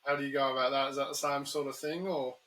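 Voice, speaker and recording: A man with an Australian accent hosting a casual chat, easygoing and hesitant, often filling pauses with "um". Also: mid-range voice, little pitch movement, a bit bright, low-quality recording. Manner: easygoing, hesitant, many ums. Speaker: podcast host.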